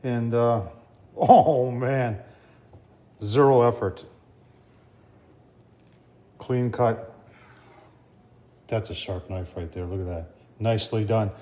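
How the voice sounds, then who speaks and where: A man's voice: medium pitch, a little mellow. A man hosting a casual cooking vlog, talking folksy and chatty and often addressing viewers as folks. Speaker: cooking channel host.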